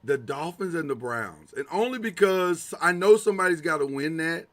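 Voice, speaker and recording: This is a man co-hosting a sports talk podcast, chatting casually. His voice is bright and ringing. He gets animated, doubles back on words and laughs along. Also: on the high side, moderate pace. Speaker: podcast co-host.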